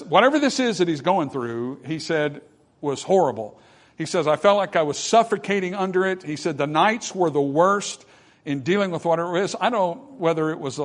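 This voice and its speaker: A man preaching a sermon, repeating phrases and asking the listeners whether they follow, moving from hushed passages to loud emphatic ones. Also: fairly high pitch, lively intonation, moderate pace. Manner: repetitive, addresses audience with questions.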